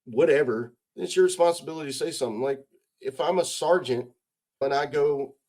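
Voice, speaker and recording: A man's voice: a little high, a little fast, a little mellow. Blunt, profane middle-aged American man. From United States. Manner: emphatic, building points with rhetorical questions. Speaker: podcast guest, retired army sergeant major. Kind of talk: casual interview talk.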